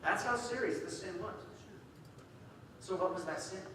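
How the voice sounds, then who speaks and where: A man preaching a sermon in an animated way, acting out quoted voices. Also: high-pitched, normal speed, slight background noise. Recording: echoey hall from far off.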